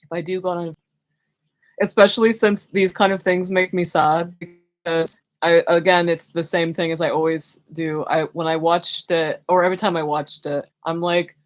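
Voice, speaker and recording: A young woman hosting a live spiritual Q&A stream, rambling casually with lots of fillers, restarts and giggles. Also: fairly low pitch. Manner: chatty, self-conscious, many fillers and restarts, giggly. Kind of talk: casual rambling livestream chat.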